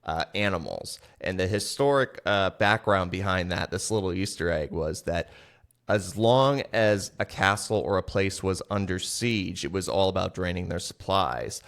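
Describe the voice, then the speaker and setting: A man's voice: sits low, normal speed, a bit bright. A man co-hosting a casual film discussion podcast. He talks in a chatty way and acts out quoted lines. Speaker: podcast co-host.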